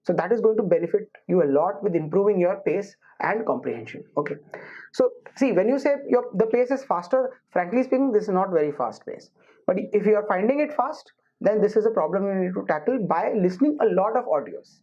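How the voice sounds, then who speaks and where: A woman teaching IELTS listening, explaining slowly and restating her points. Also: mid-range voice, lively intonation. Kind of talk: recorded classroom lesson. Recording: muffled lo-fi recording.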